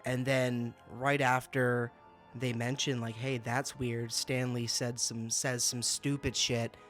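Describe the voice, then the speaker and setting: A man's voice: mid-range voice, flat delivery, slow pace, fairly bright tone, soft background music. A young man hosting a casual review channel, exasperated and laughing, often stammering and repeating himself. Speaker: booktuber host.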